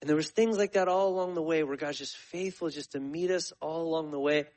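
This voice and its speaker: A missionary in his forties addresses his church in a conversational sermon testimony, telling stories full of fillers and restarts. His voice is a little high and darkish in tone, his delivery a little fast, and the recording is rough.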